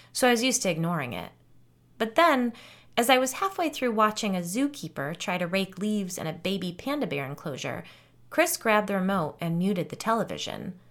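A woman narrating a first-person audiobook, expressive and dropping low and soft on tense moments.

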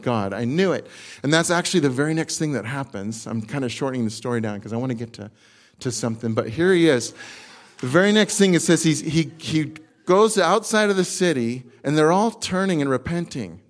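A man delivers a sermon in a lively storytelling manner, slipping into acted asides and often restarting his phrases. His voice sits in a middle range for a man. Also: mid-range voice. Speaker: pastor.

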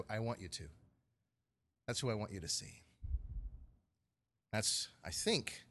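Male pastor, sermon, conversational, repeats phrases, quizzes the congregation, mid-pitched voice, church. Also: fairly bright tone.

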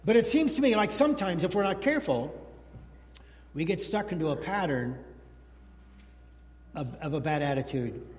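A pastor in his sixties giving a lively, joking sermon, whooping and breaking into song. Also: high voice, moderate pace, pauses often, long reverb tail. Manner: animated, jokey preaching with whoops and sung bits.

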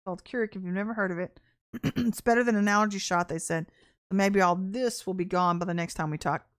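A woman minister giving a casual prophetic sermon, emphatic and repeating her key phrases, often clearing her throat. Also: medium pitch, fairly even intonation, fast.

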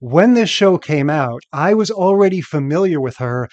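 A man co-hosts a casual podcast about sitcoms. He talks in a wry, easygoing way. His voice is fairly high and sounds dry and close. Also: expressive, normal speed, a little mellow, no echo, highs cut off. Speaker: podcast co-host.

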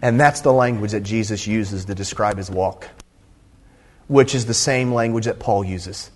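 A man's voice: on the low side, moderate pace. A middle-aged man from Indiana preaching a sermon in a conversational, earnest way, often restarting his sentences. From Indiana, USA. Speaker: pastor.

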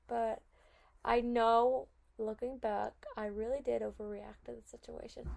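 A young adult woman hosting a podcast, telling stories in a chatty, animated way full of "like" and "oh my God". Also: fairly high pitch, vocal fry. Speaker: podcast host. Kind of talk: casual storytelling.

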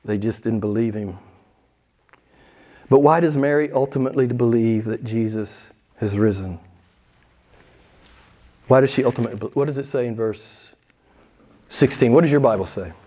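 A man preaching a sermon as pastor, emphatic and pressing questions on his listeners, with sudden excited rises. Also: medium pitch, normal speed, long pauses. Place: church.

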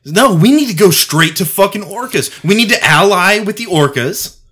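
A man's voice: high-pitched, expressive, moderate pace, bright, forceful tone, husky. A man joking in a casual podcast chat, riffing profanely on absurd ideas. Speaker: podcast co-host.

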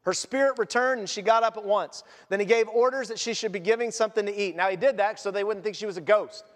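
A man preaching a sermon in a conversational, animated storytelling manner. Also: high-pitched, quick pace. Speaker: pastor. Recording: long church reverb.

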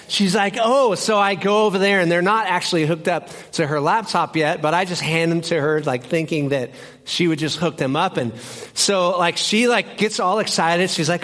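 A young man preaching a sermon as pastor in a church, telling stories in an animated way and acting out both sides. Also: high-pitched, normal speed. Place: church sanctuary.

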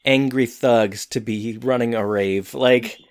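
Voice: mid-range voice, steady tone, slow. A playful co-host casually recapping a show, joking and acting out characters' lines. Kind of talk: casual chat.

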